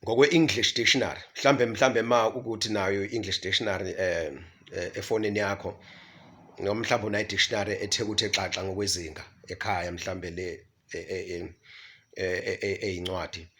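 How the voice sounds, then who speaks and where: A man's voice: sits low, fairly even intonation, moderate pace, fairly bright tone. A man teaching from the Bible, often stumbling and repeating syllables as he mixes in English words. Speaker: preacher.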